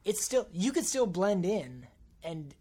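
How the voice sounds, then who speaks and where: A young woman co-hosting a podcast, casually recapping episodes and slipping into quick quotes of the people involved. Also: fairly low pitch, very animated, mellow, breathy edge. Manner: retells scenes with quick put-on quotes. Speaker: podcast co-host.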